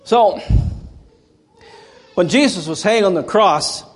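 A man's voice: sits high, expressive, takes it slowly. Man preaching in a reverberant hall. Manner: conversational storytelling with dramatic bursts. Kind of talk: sermon.

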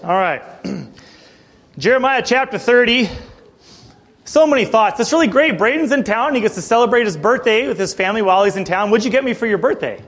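A middle-aged male pastor with a high voice, preaching in a relaxed, chatty way. He tells stories loosely and keeps clearing his throat between thoughts. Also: fairly quick. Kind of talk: sermon.

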